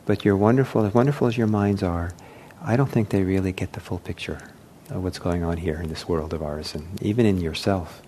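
A man gives a meditation talk in a gentle, unhurried way, often pausing on fillers and starting sentences over. His voice sits fairly low and sounds mellow. A faint low rumble runs underneath. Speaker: meditation teacher. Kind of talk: dharma talk.

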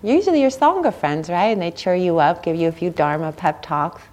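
A woman's voice: lowish voice, expressive, fairly quick. A meditation teacher, a woman, giving a dharma talk at a meditation center, chatty and informal, often checking in with the listeners. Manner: warm conversational, seeks agreement with "right?".

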